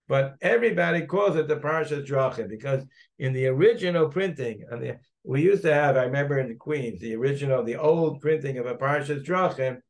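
A man, a rabbi, teaching a Talmud class, thinking aloud as he searches through the text and digresses. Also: mid-range voice.

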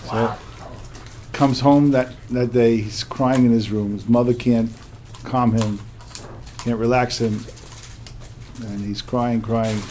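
A middle-aged man teaches a class through a story, repeating himself and hitting key words hard. His voice sits at an ordinary middle pitch. A faint noise runs beneath his speech. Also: steady tone, slow pace, pauses often, dark tone. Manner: repetitive, emphatic storytelling. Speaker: religious teacher.

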